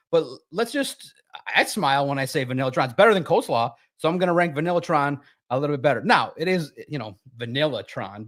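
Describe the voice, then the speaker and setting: Sports-show co-host, male, higher-pitched, lively and emphatic delivery. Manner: animated, emphatic, jumps into sharp high pitch for emphasis. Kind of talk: casual sports talk.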